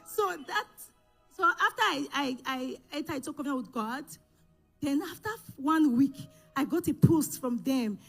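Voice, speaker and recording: A woman giving an emotional church testimony, telling her story in halting bursts full of restarts and self-corrections. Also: high-pitched, lively intonation, vocal fry, faint music behind. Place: church service.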